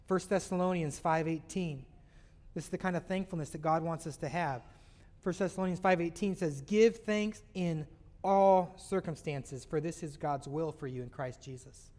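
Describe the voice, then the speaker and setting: A man with a notably high voice delivers a sermon in an earnest, preacherly way. He shifts between scripture reading and acted-out grumbles. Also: moderate pace, darkish tone. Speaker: pastor.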